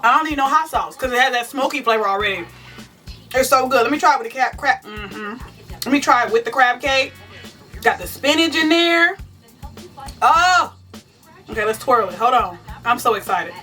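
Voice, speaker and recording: A woman's voice: a little high, lively intonation, normal speed, long pauses, bright, forceful tone. Woman w/ cooking at home, talks to "y'all" nonstop, kinda far from the mic. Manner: chatty, self-mocking, talks straight to viewers as "y'all". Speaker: vegan cooking channel host. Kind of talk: casual cooking vlog chat. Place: home kitchen. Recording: distant mic with faint music.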